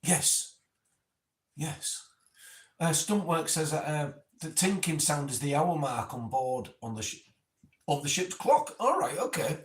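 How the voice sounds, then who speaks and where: A man's voice: fairly high pitch, expressive, a little slow. A man chatting animatedly about his impressions, often stumbling and restarting mid-word. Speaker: experiment subject. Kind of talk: casual chat recalling impressions. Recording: distant mic, echoey room, faint noise.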